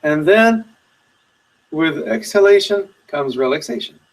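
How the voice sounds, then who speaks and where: A man teaching meditation in a webinar, giving slow, soothing guided instructions with long pauses. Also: a little high, animated, recorded from a distance, low-quality recording.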